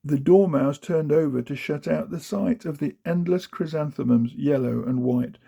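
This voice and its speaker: Man, gravelly, husky, rhythmic sing-song reading of children's verse. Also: on the high side, moderate pace, warm tone. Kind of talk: storybook reading of children's poems.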